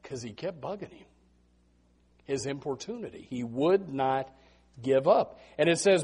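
A man preaching a sermon as a pastor, telling Bible stories in an animated way and often repeating his words. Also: mid-range voice, unhurried, long pauses, husky.

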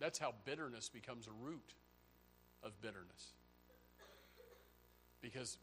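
A pastor preaching a sermon, swinging from loud, high outbursts to low, quiet stretches. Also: male voice, a little hiss or hum. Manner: animated preaching, voice rising to near shouts and dropping low.

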